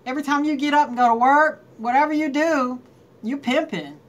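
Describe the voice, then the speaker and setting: A woman's voice: high voice, fairly quick. A woman hosting a casual live stream, chatting and greeting viewers by name and laughing often. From North Carolina.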